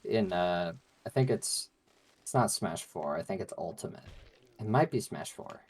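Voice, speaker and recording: Rambling, cussing man with a lowish voice. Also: animated, moderate pace, gravelly, breathy edge. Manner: rambling, filler-heavy and profane. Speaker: co-host playing a video game. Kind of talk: casual gaming chat.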